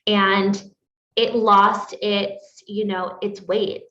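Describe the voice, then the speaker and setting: A woman's voice: mid-range voice, little pitch movement, very slow, fairly bright tone. Woman co-host, rambling chat, roomy dull recording. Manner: rambling, full of "like" fillers. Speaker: podcast co-host. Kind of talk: casual book review chat.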